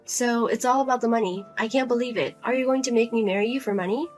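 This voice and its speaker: A woman's voice: on the high side, fast, darkish tone, faint music behind, voice pushed down, close to an everyday voice. A woman voicing a single adult daughter who speaks bluntly and coldly to her mother. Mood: firm, exasperated. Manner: blunt, cold, lecturing.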